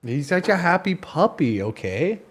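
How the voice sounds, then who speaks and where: A man streaming a game, chatting casually in an animated, ranting way with frequent exclamations. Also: on the high side, moderate pace. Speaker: gaming streamer. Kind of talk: casual chat.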